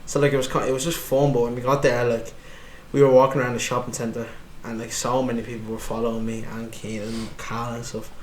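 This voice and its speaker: A man's voice: mid-range voice, flat delivery, fairly quick, few pauses. A young Irish man talking casually as a podcast guest, swearing freely and filling with "like". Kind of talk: casual chat. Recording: echoey room.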